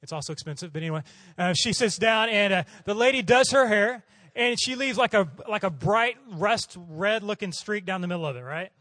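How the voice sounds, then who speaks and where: Middle-aged male missionary preacher from Oklahoma, quick and animated storyteller, slightly high voice, dry close sound. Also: no room sound. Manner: animated, acts out voices in his stories. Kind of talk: storytelling sermon.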